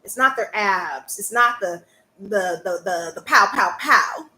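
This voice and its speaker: A woman, a burlesque performer and coach talking live to her audience in a sassy, animated way. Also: medium pitch, measured pace, reverberant, poor audio. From American South. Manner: sassy and animated, calls out to listeners. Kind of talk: live-stream talk to an audience.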